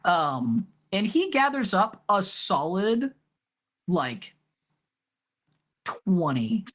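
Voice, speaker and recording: A game master narrates the scene with lively, rambling energy and a wide-ranging pitch. His voice carries a slightly husky grain. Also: drawn-out words. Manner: animated, rambling narration with frequent laughs.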